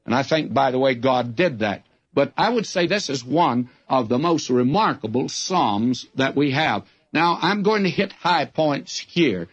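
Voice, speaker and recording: A man, a pastor, preaching a sermon and reading scripture, with measured delivery that slows for emphasis. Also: a little high, no echo. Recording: dull, dry lo-fi recording.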